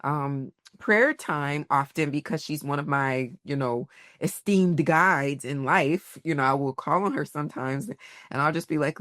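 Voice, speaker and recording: Low-voiced woman telling lively stories. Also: brisk, dry recording, studio quality. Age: 40s. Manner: animated storyteller, laughs often, acts out quotes. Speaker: podcast guest. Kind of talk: casual storytelling interview.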